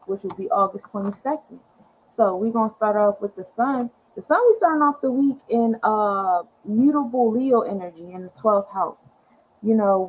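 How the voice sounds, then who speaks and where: A woman's voice: mid-range voice, a little hiss or hum, rough recording. A young woman hosting an astrology show, chatting casually in an upbeat, slangy, laid-back way. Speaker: astrology podcast host. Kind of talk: casual chat.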